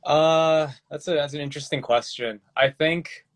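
A young man co-hosting a podcast, talking in a relaxed, hesitant way with lots of fillers. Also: fairly high pitch, normal speed. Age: young adult. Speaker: podcast co-host. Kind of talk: casual chat.

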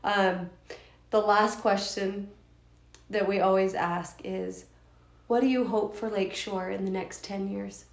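A woman's voice: medium pitch, steady tone, unhurried, vocal fry, roomy sound. A woman hosting a podcast, asking interview questions in an encouraging way. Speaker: podcast host.

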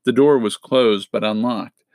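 Male first-person audiobook narrator, steady and wry, dry close-mic sound. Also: medium pitch, unhurried, no room sound.

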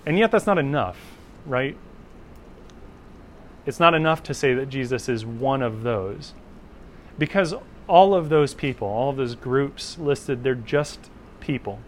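A male Bible teacher giving an informal class lecture at an ordinary, middle pitch. He talks conversationally, often checking in with his listeners with a quick "right?". A faint hiss sits under his voice. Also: expressive.

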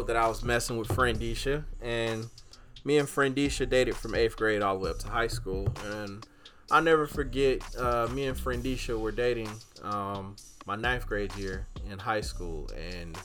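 A young man, a podcast host, telling a story in a casual chat and getting loud and animated when excited. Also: medium pitch.

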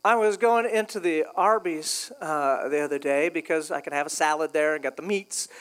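A man's voice: fairly high pitch, moderate pace, clear, resonant tone. A male pastor preaching a sermon in a casual, joking way, acting out quoted voices. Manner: jokey, conversational, acts out quoted voices. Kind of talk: humorous sermon.

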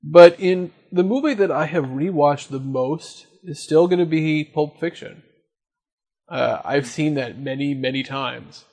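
A man's voice: a little high, a little slow, darkish tone. A man hosting a casual podcast discussion, leading the talk and putting questions to his co-hosts. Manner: leads the talk, asks the others questions. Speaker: podcast host.

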